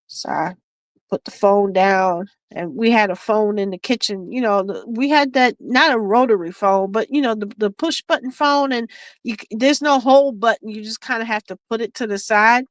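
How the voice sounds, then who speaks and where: A woman's voice: fairly high pitch, normal speed, dry recording, low-quality recording. A woman hosting a casual beading stream, telling a family story with lots of laughter and restarts. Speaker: craft livestream host. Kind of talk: casual chat while beading.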